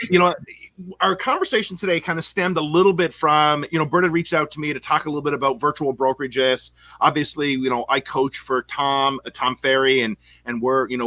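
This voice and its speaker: A man from Canada hosting a casual podcast, talking in an excitable, rambling way with many fillers and restarts. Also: mid-range voice, no echo. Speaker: podcast host and real estate coach.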